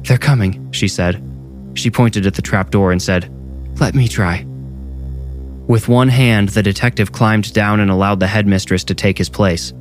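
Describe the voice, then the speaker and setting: A man narrating a horror story in a measured, suspenseful read. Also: on the low side, steady tone.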